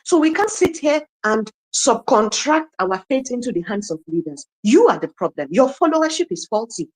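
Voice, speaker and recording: A woman's voice: on the high side, big pitch swings, normal speed. A woman giving an emotional, preachy speech full of rhetorical questions in an online audio chat room. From Nigeria. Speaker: guest speaker.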